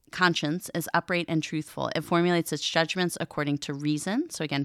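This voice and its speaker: A woman's voice: deep voice, fairly bright tone, clear, resonant tone, dry recording, studio quality. A woman speaking in a casual, reflective teaching style about faith, chatty and earnest, with lots of "like" and "um.". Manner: chatty, many fillers like "like" and "um". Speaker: Catholic catechism podcast co-host.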